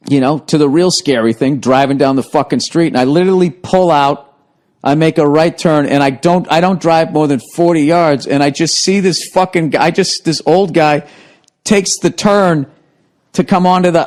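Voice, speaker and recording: A man's voice: fairly high pitch, a little mellow. A man hosting a podcast, telling a story in casual chat, swearing a lot and laughing through it. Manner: profane, laughs through his own story. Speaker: podcast host.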